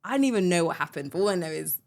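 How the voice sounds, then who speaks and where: A woman hosting a podcast, a mother telling a personal story in a chatty, animated way. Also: lowish voice, very fast. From United Kingdom. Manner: chatty, animated storyteller, many fillers and restarts. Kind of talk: conversational storytelling.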